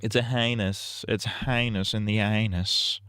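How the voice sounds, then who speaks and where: A man's voice: on the low side, steady tone, a little slow, fairly bright tone, smooth, no room sound. A young man rambling crude jokes on a casual gaming livestream. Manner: crude, rambling, giggly banter.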